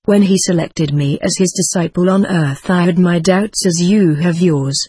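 An earnest male apostle spirit, read aloud by a narrator in a formal, reassuring cadence. The voice is somewhat husky. The recording is close and dry. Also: medium pitch, moderate pace, dark tone, dry recording, natural voice. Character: Saint John, earnest elderly apostle spirit. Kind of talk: reading channeled spirit letters aloud.

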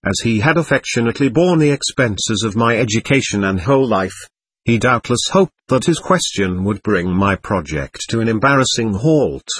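Give me a man with a husky, breathy voice reading a memoir audiobook in an earnest, measured way, recorded dry and close. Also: lowish voice, expressive, no room sound. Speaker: narrator.

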